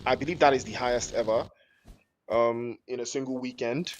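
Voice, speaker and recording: A man's voice: medium pitch, steady tone, normal speed, highs cut off. A man casting live esports, mixing play-by-play with joking, slangy chat banter and frequent laughter, on a headset mic with faint background noise. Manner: jokey, rambling, slangy, laughs often. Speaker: esports caster.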